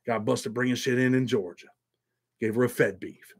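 In a casual livestream, a man chats with viewers in a rambling, profane way, reading their donations aloud between stories about prison. His voice is medium-pitched with fairly even intonation and a normal speaking speed.

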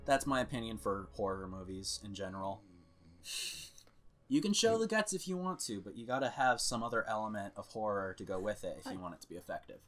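A man's voice: on the low side, animated, brisk. A man co-hosting a casual movie podcast, telling rambling stories and laughing often. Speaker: podcast co-host. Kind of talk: casual chat over a movie. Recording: music playing underneath.

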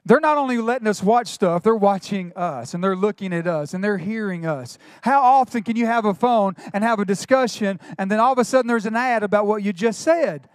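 A middle-aged male pastor, preaching a sermon with quick asides and retold dialogue. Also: high voice, clean tone, no echo, studio quality.

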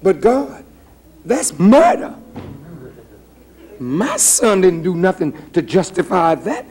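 A man's voice: sits high, animated, slow pace, darkish tone, slightly rough, voice pushed up, full character voice. A man preaching a sermon acts out an old patriarch who pleads with God in disbelief, his voice rising. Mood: pleading, incredulous. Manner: pleading, incredulous.

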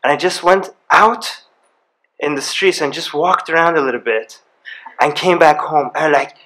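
A man, speaking on a live university panel and telling personal stories with rising excitement. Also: fairly high pitch, moderate pace, low-quality recording. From Iran. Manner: animated storyteller, grows excited. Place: university event room.

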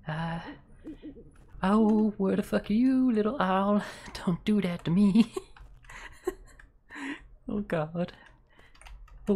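A woman streamer giving live commentary on a horror game, jumpy and swearing, sliding between hushed whispers and startled yelps. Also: medium pitch. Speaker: virtual streamer.

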